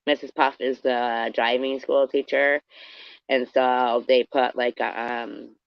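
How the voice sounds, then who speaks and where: A woman's voice: a bass voice, little pitch movement, slow pace, gravelly, no echo. A woman live-streaming, chatting casually with her viewers, rambling and swearing as she tells a story and greets people in the chat by name. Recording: dry, dull lo-fi stream audio.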